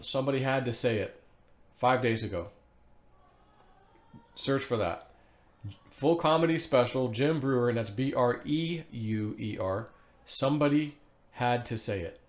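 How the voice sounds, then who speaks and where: A man in the middle of his range talks straight to his audience and wanders from thought to thought. He reads posts out loud and trails off into fillers. Every so often he chuckles to himself. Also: mid-range voice, measured pace, pauses often. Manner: rambling, animated, laughs to himself, frequent fillers. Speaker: vlogger. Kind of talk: casual solo commentary reading social posts aloud.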